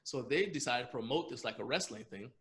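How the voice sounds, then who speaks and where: Man, podcast guest, casual storytelling, animated, laughs a lot, rambling, mid-pitched. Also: fairly quick. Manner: animated storyteller who laughs often while telling; loose, rambling with frequent restarts and fillers.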